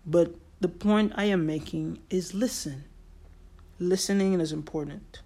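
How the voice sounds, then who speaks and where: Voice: mid-range voice, measured pace, warm tone. A podcast host giving a solo motivational talk in an earnest, emphatic way, repeating key phrases for weight and now and then acting out what other people say.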